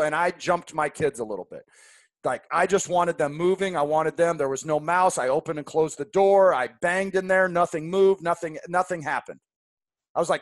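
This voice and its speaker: A man in his forties hosting a podcast, telling a story in a candid, animated way. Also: high voice, dry recording. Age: 40s. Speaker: podcast host. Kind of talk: casual storytelling monologue.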